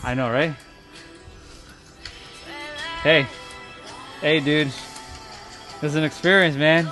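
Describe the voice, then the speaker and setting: A man's voice: a little high, steady tone, slow pace, music in the background. A young adult man chatting casually about his photos, loose and emphatic, repeating himself and swearing. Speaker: vlogger. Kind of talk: casual chat over photos.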